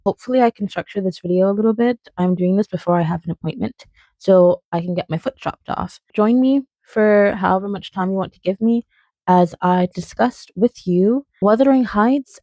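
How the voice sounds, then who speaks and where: Chatty young woman, mellow and dry. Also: fairly low pitch, no room sound. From outside England. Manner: chatty and playful, with frequent fillers and tangents. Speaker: video essayist. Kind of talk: casual spoken video essay.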